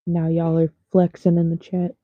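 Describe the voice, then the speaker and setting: A woman chats casually with her livestream viewers, speaking bluntly and swearing heavily. Her lowish voice is completely flat and moderately paced, and the dry, echo-free recording sounds tinny, like a phone.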